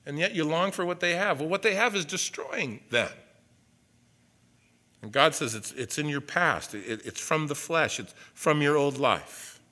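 Lively, bright-voiced male preacher. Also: on the high side, unhurried. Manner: animated preaching with asides and acted-out quotes. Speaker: pastor. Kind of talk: sermon.

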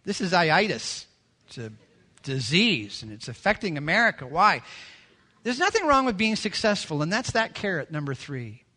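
A man, the pastor, preaching a sermon in a lively, joking way, often mimicking people. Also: high-pitched, moderate pace.

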